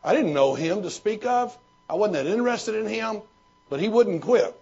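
A man's voice: high-pitched, expressive, normal speed, vocal fry, darkish tone, slightly rough. A man, a pastor and former missionary, answering questions in folksy storytelling with many restarts. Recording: dull lo-fi recording.

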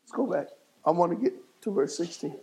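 A man delivers a fiery sermon from the pulpit of a church, speaking. His voice sits high for a man and carries a gravelly edge, and he pushes his congregation with call-and-response and sudden shouts. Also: animated, a little fast, poor audio. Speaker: bishop preaching. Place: church sanctuary.

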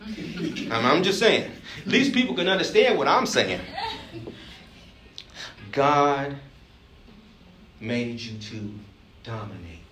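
A man's voice: medium pitch, big pitch swings, takes it slowly, pauses often, a bit bright. A man from Alabama, preaching a sermon as pastor, emphatic and joking, asking the congregation questions. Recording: roomy, distant mic, faint ambience.

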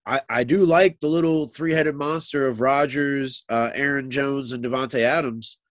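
A man's voice: medium pitch, steady tone, normal speed, no echo, studio quality. A man co-hosting a casual sports talk show, musing and thinking aloud with frequent restarts.

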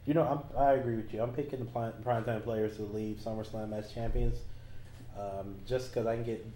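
A man's voice: mid-range voice, fairly even intonation, fairly quick, warm tone, slight background noise. A man co-hosting a casual chat, easygoing and tossing in joking asides. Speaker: podcast co-host. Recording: roomy echo with faint ambience.

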